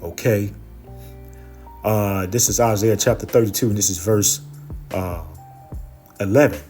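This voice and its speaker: A man preaching and teaching from scripture, filling his talk with "okay" and "you know" and reading verses slowly and with more force. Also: fairly low pitch, faint music behind. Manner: reads verses slowly and louder.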